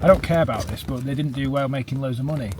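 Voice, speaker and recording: A man's voice: mid-range voice, fast talker, background noise. A man chatting at an outdoor camp, hesitant and rambling, with many restarts. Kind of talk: casual chat. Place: outdoors at a wild camp on moorland.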